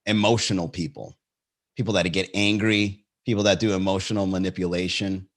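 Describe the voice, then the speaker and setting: A young man hosting a comedy podcast, telling a dating story with lots of swearing and high-pitched impressions. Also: a little fast. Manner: animated, swearing, acts out voices in a high pitch. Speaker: podcast host.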